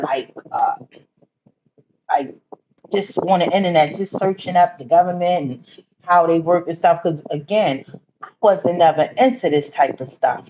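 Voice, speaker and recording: A woman's voice: low voice, darkish tone, slight background noise. Woman rambling on her phone live, talkin right to viewers, kinda dull audio. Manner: rambling, talks to viewers directly. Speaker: livestream host. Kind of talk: casual livestream chat.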